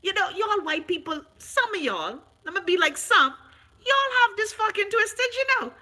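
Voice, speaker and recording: A woman's voice: very high-pitched, big pitch swings, normal speed, pushed and bright. A middle-aged Bahamian woman ranting on her vlog, sarcastic, profane and emphatic. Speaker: vlogger. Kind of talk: unscripted vlog rant.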